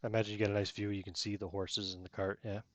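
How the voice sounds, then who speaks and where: A man with a low, dry-sounding voice runs a tabletop session, narrating loosely and filling pauses with ums as he thinks aloud. the sound is close and without room echo. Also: level tone. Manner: rambling, many fillers. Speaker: game master. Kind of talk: casual narration of a tabletop game.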